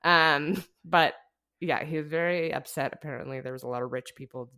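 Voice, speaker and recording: A woman's voice: deep voice, normal speed, bright, forceful tone. A woman hosting a podcast, telling a story in casual chat and laughing often. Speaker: podcast host.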